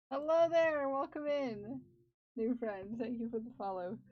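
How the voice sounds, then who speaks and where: A woman with a fairly high, darkish voice streams live, chatting casually with viewers during a crafting project. She laughs and talks to herself, recorded on slightly dull lo-fi stream audio.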